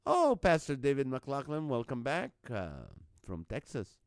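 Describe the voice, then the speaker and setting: This man's medium-pitched voice swoops wildly in pitch at an unhurried pace, captured in a dry recording. He's hosting a live online comedy show, reading viewer jokes aloud, greeting people by name, and frequently laughing at the lines.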